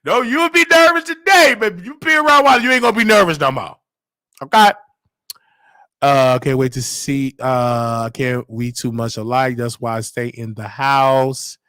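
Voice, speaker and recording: A man hosting a casual live show, talking in an animated, sing-song way that swings from loud outbursts to hushed asides, with a Southern US accent. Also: mid-range voice, moderate pace, no room sound. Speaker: host. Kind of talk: casual livestream talk.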